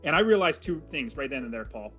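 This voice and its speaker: A man's voice: medium pitch, big pitch swings, fast talker, fairly bright tone, soft background music. A man telling a personal story as an interview guest, in a vivid and dramatic way. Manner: vivid, dramatic retelling with acted quotes.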